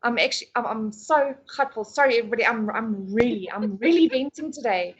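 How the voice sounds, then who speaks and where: A woman vents in a casual podcast chat, her high voice sharp with exasperation. She swears freely and sounds fed up, talking as a frustrated beauty therapist. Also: fairly quick. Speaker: podcast co-host.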